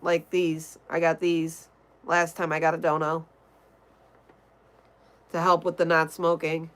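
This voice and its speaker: Reading through her chat, this young Connecticut livestream host greets viewers by name in a relaxed, casual way. She speaks in a low monotone at a measured pace, and the audio quality is poor.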